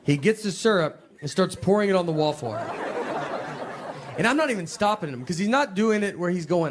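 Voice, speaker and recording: Stand-up comic, male, 40s, slightly high voice, slow deadpan delivery, live stage recording over roaring crowd laughter. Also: very noisy. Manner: slow deadpan storytelling, drawn-out pauses. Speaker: stand-up comedian. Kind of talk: stand-up comedy set. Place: large theater with a live audience. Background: loud audience laughter.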